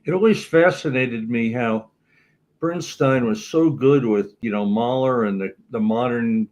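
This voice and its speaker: A man's voice: mid-range voice, measured pace, darkish tone, slight background noise. A man chatting casually on a music panel, conversational and joking. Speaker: panel member.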